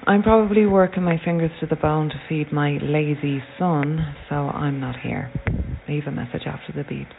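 A man's voice: a little high, steady tone, moderate pace, gravelly. A man voicing a grumpy, sarcastic working father on an answer phone greeting. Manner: dry, sarcastic. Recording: tinny noisy answer phone line.

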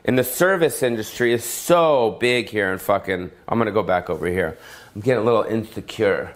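A man's voice: lowish voice, animated, fairly quick. A man giving a rambling, profane comedic rant in a casual, repetitive way. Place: Las Vegas.

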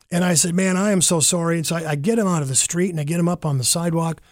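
A man casually recounting a personal mishap, animated and rambling, with fillers and self-corrections. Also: a little high, a little fast, dry recording, clean studio sound. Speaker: storyteller.

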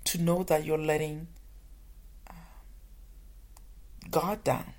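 A mother telling a personal story, often halting and restarting, with hushed asides. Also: low-pitched, steady tone.

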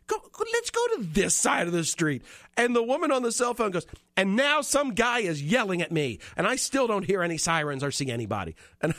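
A man hosting a home improvement radio show, telling a story in an animated, self-mocking way and acting out the dialogue. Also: on the high side, no room sound, studio quality. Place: radio studio.

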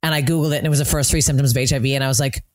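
Fast-talking, frank woman comedian. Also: a bass voice, steady tone, dry recording. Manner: rapid, frank, swearing storyteller. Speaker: comedian guest. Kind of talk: casual podcast chat.

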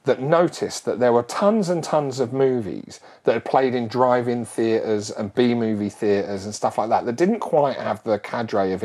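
A middle-aged man telling a long childhood story in a casual, animated way, full of quick asides. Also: medium pitch.

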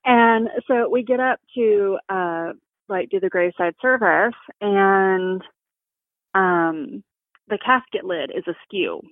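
A woman's voice: medium pitch, slow, dry recording. A woman from the South, talking frankly and bluntly, swearing freely as a guest in a casual chat. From Southern United States. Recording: phone-like narrow sound.

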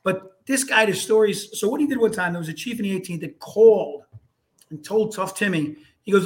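A man's voice: high-pitched, a little fast, fairly bright tone. A middle-aged man, a retired fire lieutenant telling stories in casual, profane chat and acting out the voices.

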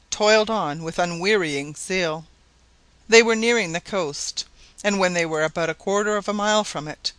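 Brief: male narrator, high bright voice, dry close recording, steady storytelling. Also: dry recording. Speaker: audiobook narrator. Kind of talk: scripted narration.

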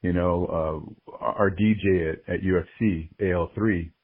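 A man's voice: sits low, fairly even intonation, measured pace, husky, no room sound. A man speaking as a podcast guest, earnest and openly emotional as he reflects candidly on his life. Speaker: guest, sports ring announcer. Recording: phone-like narrow-band audio.

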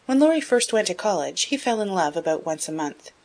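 A woman narrating a classic novel as an audiobook reader, in a steady storytelling manner. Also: mid-range voice, brisk. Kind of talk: scripted narration.

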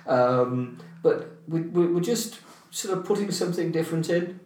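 A man's voice: on the high side, expressive, normal speed, darkish tone, slight background noise. A man co-hosting a podcast in casual chat, hesitant and self-correcting, with dry humor. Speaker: podcast co-host. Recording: roomy, distant from the mic.

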